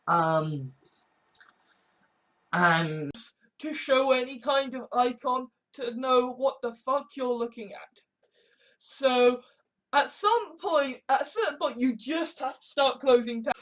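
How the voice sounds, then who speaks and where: A woman's voice: high voice, slow, a bit bright. A woman talking in a casual, rambling monologue, swearing often and restarting her sentences. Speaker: online commentator.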